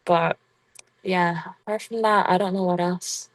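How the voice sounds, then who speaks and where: A young Irish woman being interviewed, talking in a relaxed, rambling way with plenty of fillers. Her voice sits low for a woman. The sound is dry and close, with no room echo. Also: measured pace. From Kilkenny, Ireland. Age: young adult. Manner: chatty, laid-back, full of fillers. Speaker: college basketball player, guest. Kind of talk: casual interview chat.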